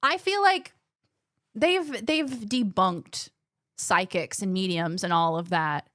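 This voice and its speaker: A woman's voice: mid-range voice, slow, dry recording, clean studio sound. A young woman from Illinois with a faint mix of Midwestern and West Coast accents, chatting casually on a live stream, reading chat aloud and laughing easily. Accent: faint mixed Midwestern and West Coast American. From Illinois, USA. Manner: chatty, animated, laughs often, swears casually.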